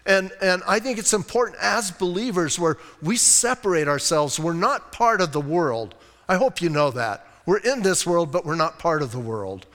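A man with a high voice preaches a conversational sermon. He talks straight to his listeners and presses hard on his main points. His voice rings out into the long reverb of a church sanctuary. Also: lively intonation, normal speed, a bit bright. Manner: emphatic, rises on key points. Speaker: pastor.

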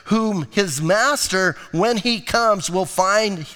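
A man's voice: high voice, slow, pushed and bright, long reverb tail. A man preaching as pastor in a casual, joking, verse-by-verse sermon, often breaking in with "hey". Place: church sanctuary.

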